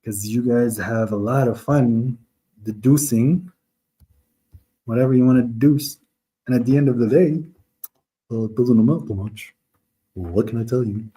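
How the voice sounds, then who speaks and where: A man's voice: mid-range voice, normal speed, long pauses, dark tone, breathy edge. A man hosting a live online religious talk, arguing with viewers in the chat in a mocking tone and breaking into quoted Arabic verses. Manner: argumentative, mocking, talks straight to viewers.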